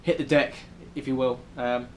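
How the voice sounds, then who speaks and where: This is a young British vlogger in a New York City hotel room, rambling chattily with lots of ums. He speaks at a normal speed in a steady, medium-pitched tone, and there's a little hiss or hum.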